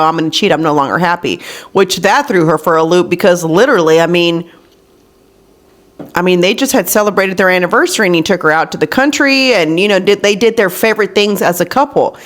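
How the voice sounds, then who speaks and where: Candid woman podcast host telling stories. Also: mid-range voice. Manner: candid storytelling, acts out quotes. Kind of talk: casual chat.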